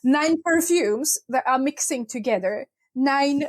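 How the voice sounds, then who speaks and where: High-voiced chatty woman, book chat. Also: lively intonation, slow pace. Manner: chatty, hesitant, laughs often, many "like"s. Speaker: podcast co-host. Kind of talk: casual book discussion.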